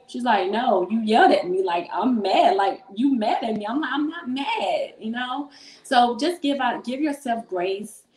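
Earnest woman, echoey room. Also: a little high. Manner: earnest, repeats phrases for emphasis. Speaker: mother and book co-author on a panel. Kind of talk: encouraging panel talk. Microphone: phone.

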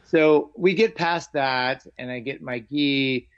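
A man's voice: medium pitch, slow pace, smooth. Man telling stories, dull lo-fi sound. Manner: animated, acts out quoted lines. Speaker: martial arts instructor. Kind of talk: storytelling in a conversation. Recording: dull lo-fi audio.

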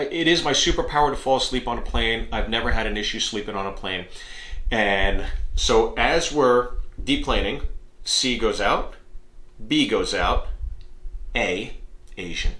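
Animated man telling a story. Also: medium pitch. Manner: animated, acts out characters, laughs at himself. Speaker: comedian podcast host. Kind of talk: storytelling monologue. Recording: echoey room.

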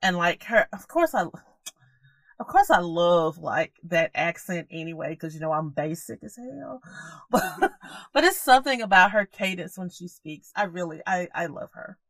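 A woman's voice: fairly low pitch, expressive, normal speed, dry recording. A woman co-hosting a casual podcast, emphatic and opinionated, often repeating herself for stress. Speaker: podcast co-host. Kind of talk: casual chat about current events.

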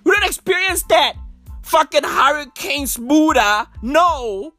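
Lady ranting on her podcast, loud and profane, kinda high voice. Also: animated, slow pace, dry recording, soft background music. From South Africa. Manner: brash, profane, emphatic, slangy. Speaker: podcast host. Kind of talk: casual rant.

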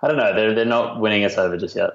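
Australian man around thirty, relaxed interview guest, low-ish voice, muffled lo-fi line. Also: rapid-fire. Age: late 20s to 30. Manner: chatty, self-deprecating, many fillers. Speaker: guest, marketing executive. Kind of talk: casual interview.

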